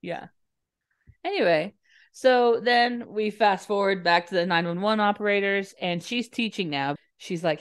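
A woman's voice: mid-range voice, a little slow, clean tone, no echo, studio quality. A woman co-hosting a podcast, recapping a movie in a casual, chatty way, swearing and saying "like" a lot. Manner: chatty, swearing, lots of "like" fillers. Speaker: podcast co-host.

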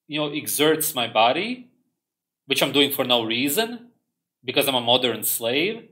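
A man's voice: medium pitch, pushed and bright. A man hosting a livestream, ranting in a contemptuous monologue. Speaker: livestream host.

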